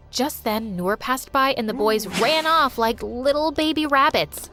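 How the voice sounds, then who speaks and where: A woman narrating a dramatic animated story in a scripted, expressive storytime style. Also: high-pitched, measured pace, few pauses, faint music behind.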